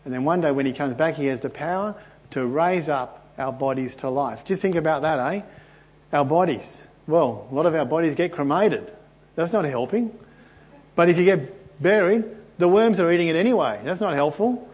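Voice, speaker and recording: Earnest husky preacher man. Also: normal speed. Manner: earnest and animated, often rising in pitch and volume. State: clearing a stuffy throat. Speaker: pastor. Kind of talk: Bible teaching.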